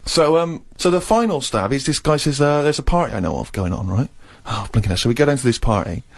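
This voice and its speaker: A man's voice: mid-range voice, quick pace, gravelly. A man telling a self-deprecating story on a radio show. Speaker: radio co-host. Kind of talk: casual radio banter, anecdote.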